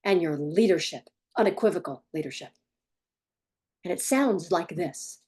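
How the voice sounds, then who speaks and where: Husky woman parenting coach, kinda low voice, blunt and emphatic, talks right at you. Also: animated, moderate pace, a little mellow. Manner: emphatic, blunt, repeats for stress. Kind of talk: direct advice monologue.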